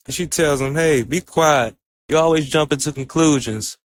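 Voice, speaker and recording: An anime reviewer with a slightly high voice recaps an episode casually at normal speed, telling it loosely like a story and quoting the characters' lines along the way.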